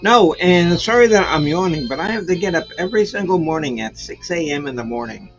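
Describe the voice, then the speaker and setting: A man's voice: a little high, lively intonation, a little fast, a bit bright. A man in his sixties hosting his own show, chatting casually and rambling with lots of fillers and jokes. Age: 60s. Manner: rambling, jokey, full of fillers. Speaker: show host. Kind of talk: casual livestream chat. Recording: lo-fi sound with faint background music.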